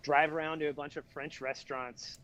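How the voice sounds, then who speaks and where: A man talking as a guest over a video call, telling a story in a relaxed way with lots of fillers. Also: on the high side, fairly quick. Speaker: guest filmmaker. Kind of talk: casual video-call chat. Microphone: video call over shaky internet. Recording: dull, dry video-call audio.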